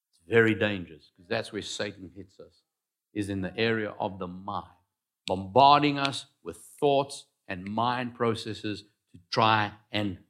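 A man preaching a sermon, swinging between loud declarations and quiet asides. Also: fairly low pitch. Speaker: pastor.

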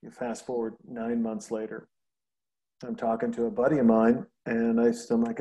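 Guy on a podcast, warm low-key tone, rambly stories, cusses a lot. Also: moderate pace. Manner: rambling, animated storytelling, swears freely. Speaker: podcast host. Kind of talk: casual conversation.

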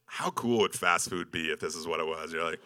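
Low-voiced bright joking man. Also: fairly quick. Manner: joking, self-deprecating, with many ums and likes. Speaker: speaker presenting an expedition slideshow. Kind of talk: casual storytelling talk with slides.

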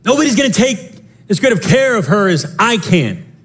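Male pastor, 30s, lively storytelling sermon, fairly high voice. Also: moderate pace, slightly rough. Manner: animated, storytelling with voiced quotes. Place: church sanctuary.

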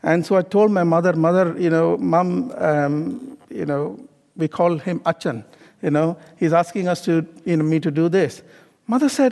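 Preaching in a fairly high, creaky, darkish voice at a moderate pace, this middle-aged man weaves a personal story into his sermon. A long reverb tail follows his words as he talks conversationally, posing questions to the congregation and tossing in "okay?" and "you know."

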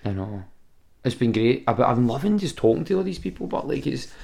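A man's voice: medium pitch, fairly quick, vocal fry. A Scottish man hosting a podcast, telling travel stories in casual chat and swearing freely. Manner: animated storyteller, swears freely. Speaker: podcast host.

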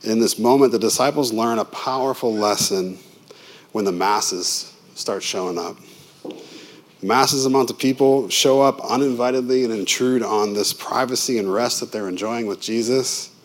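A man preaching a sermon as a pastor, conversational and lively with vivid asides to the congregation. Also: medium pitch, moderate pace.

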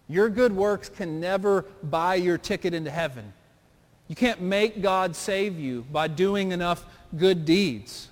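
A man preaches from the pulpit in a high voice, pressing his listeners with earnest questions in a steady preacher's cadence. The church sanctuary leaves a long reverb trailing behind each phrase. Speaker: pastor. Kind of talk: sermon.

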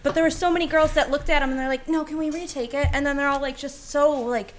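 A woman's voice: sits high, steady tone, quick pace, crowd noise. A woman guest on a podcast in casual chat, blunt and teasing, swearing freely.

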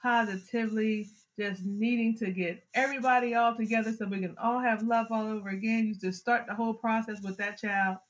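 A middle-aged woman, a mother sharing parenting advice in a casual chat, telling family stories with lively acted-out moments. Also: fairly high pitch, fairly quick, hardly any pauses, low-quality recording. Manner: animated storyteller, acts out family scenes with laughter. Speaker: podcast guest, mother of the host.

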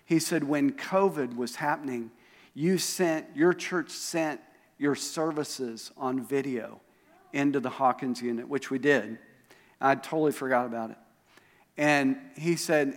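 A man's voice: medium pitch, measured pace. A pastor telling a story during a sermon, animatedly acting out the voices of the people he quotes. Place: church auditorium. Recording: live sermon in a reverberant hall.

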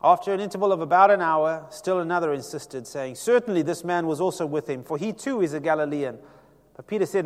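A man, preaching a sermon as pastor and telling the story dramatically, shifting between loud and hushed passages. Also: high-pitched, animated, normal speed, long reverb tail.

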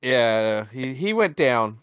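A smooth-voiced man joking on a dull-sounding call. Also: mid-range voice, very animated, slow pace, a bit bright, no echo. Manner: rambling, jokey, with restarts. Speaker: podcast co-host. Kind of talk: casual chat.

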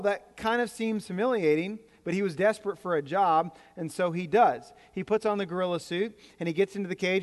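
High-voiced pastor preaching in a reverberant church. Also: male voice. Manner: conversational preaching with jokes and repetitions. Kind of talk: sermon. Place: church sanctuary. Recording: reverberant hall.

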